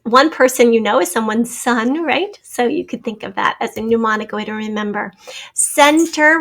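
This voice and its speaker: A woman with a somewhat high voice, speaking as a teacher who reads out a spelling test. She goes through the answer key patiently, breaking each word into letters and sounds. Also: a bit bright.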